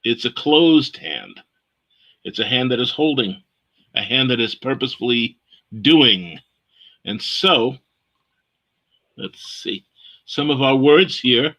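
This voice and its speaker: Bright-voiced man teaching scripture. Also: medium pitch, expressive. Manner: unhurried, explaining Hebrew letters and words aloud. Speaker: Bible study teacher. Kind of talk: online Bible lesson.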